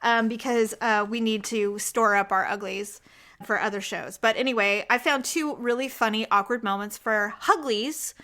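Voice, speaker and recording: A middle-aged woman co-hosting a podcast, chatting casually and acting out quoted people in loud high voices. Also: moderate pace. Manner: animated storyteller who acts out quotes in high voices. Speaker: podcast co-host. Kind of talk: casual chat.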